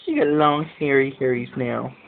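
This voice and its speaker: A man, a father, chatting and giggling over his baby on a home video, teasing and animated. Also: mid-range voice, normal speed, vocal fry. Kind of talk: casual home video chat. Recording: tinny lo-fi home video with faint music.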